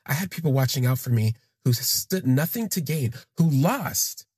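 A man telling a personal story in the first person, in a halting, reflective way that trails off and restarts. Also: medium pitch, animated, a little mellow, slightly rough, dry recording, studio quality. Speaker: podcast storyteller.

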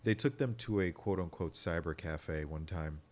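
A man co-hosting a casual podcast chat, explaining things in a measured, wry way. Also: low voice, a little mellow. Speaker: podcast co-host.

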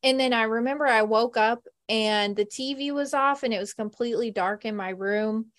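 A woman's voice: a little high, normal speed, fairly bright tone. Chatty, laughing woman podcast host. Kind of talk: casual chat.

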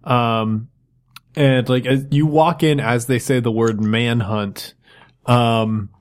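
A man's voice: mid-range voice, fairly even intonation, slow pace. A man running a tabletop game as game master, narrating loosely with many restarts. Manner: rambling, loose, lots of fillers and restarts.

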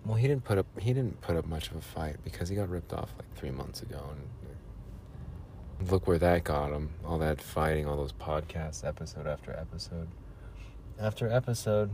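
A man's voice: extremely low pitch, lively intonation, moderate pace, a little mellow, a little hiss or hum. A man hosting a solo podcast, ranting sarcastically in a rambling monologue. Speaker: podcast host.

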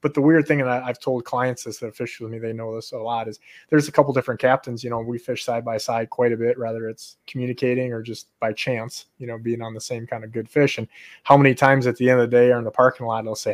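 Animated fishing captain swapping stories. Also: male voice, mid-range voice, fast talker. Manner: animated storyteller, repeats words when excited. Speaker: fishing charter captain, podcast host. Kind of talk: casual chat.

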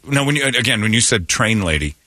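Low-pitched man, podcast host, wry teasing, bright husky voice. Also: lively intonation, quick pace, dry recording, clean studio sound. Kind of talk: casual podcast chat.

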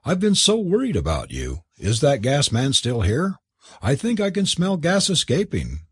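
Man playing young gentleman, anxious, polite, eager, husky, storybook. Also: on the high side, wildly swooping pitch, moderate pace, no echo, clean studio sound, pitched above the performer's own voice, heavily acted. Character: earnest young gentleman suitor. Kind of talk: audiobook character voice.

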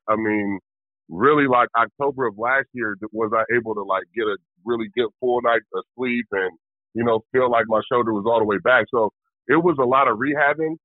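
A man's voice: mid-range voice, dry recording. Man in his forties on a tinny line. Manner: relaxed, candid, rambling with fillers. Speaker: retired pitcher, guest. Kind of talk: casual interview.

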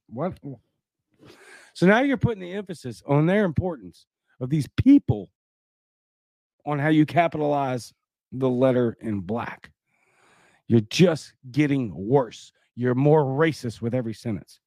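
A man's voice: mid-range voice, animated, a little slow, gravelly, pauses often, darkish tone, dry recording. A man hosting a commentary podcast, reading an article aloud and breaking off into sarcastic, indignant asides. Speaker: podcast host.

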